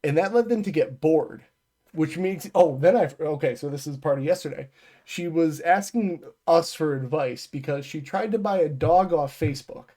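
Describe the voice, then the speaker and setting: A man's voice: a little high, normal speed, warm tone. A man co-hosting a podcast from home, telling rambling, profane stories about his workday and often losing his train of thought. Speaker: podcast co-host. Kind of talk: casual storytelling chat.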